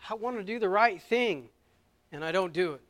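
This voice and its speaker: A middle-aged man preaching a sermon in a church, moving between hushed, intimate stretches and loud, fervent ones. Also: high-pitched, animated, moderate pace. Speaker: pastor. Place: church sanctuary.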